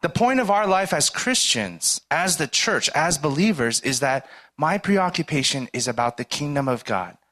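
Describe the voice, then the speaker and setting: His voice is fairly high, pushed and bright, with lively intonation at a moderate pace. A preacher, he gives a casual, conversational sermon of everyday stories, frequently asking "right?" and acting out little exchanges.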